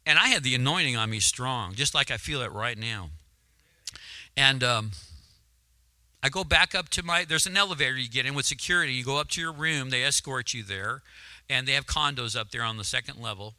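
A man's voice: mid-range voice, brisk, bright, forceful tone, dry recording. A man preaching a sermon testimony, turning emotional and building to fervent, rising exclamations. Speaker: guest preacher. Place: church sanctuary. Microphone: handheld mic, at times held away.

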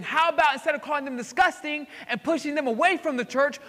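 Excitable guy preaching, high bright voice, lots of hall echo, goes loud then hushed. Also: fairly quick. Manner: excitable, swings between loud exclamations and hushed asides. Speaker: pastor. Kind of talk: sermon. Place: church sanctuary. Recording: hall reverb.

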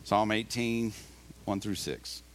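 A man's voice: on the low side, takes it slowly, slight background noise. A male pastor preaching a sermon in a conversational style, often rising to emphatic calls to the congregation. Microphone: live recording of a church service.

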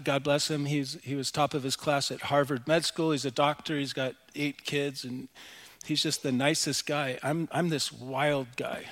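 Man preaching a sermon, loud then hushed. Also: on the high side. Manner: swings from loud proclamation to quiet confession. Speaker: pastor.

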